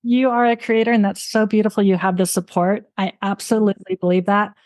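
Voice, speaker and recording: Animated, fast-talking woman podcast host. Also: mid-range voice, no room sound, clean studio sound. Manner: animated storyteller who acts out quotes; fast, run-on talk with restarts. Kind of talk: casual interview chat.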